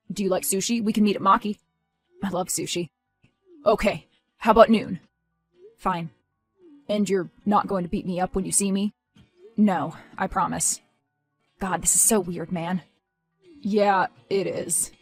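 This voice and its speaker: A woman voicing a worried, earnest young man who is about to become a father, speaking softly. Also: medium pitch, natural voice.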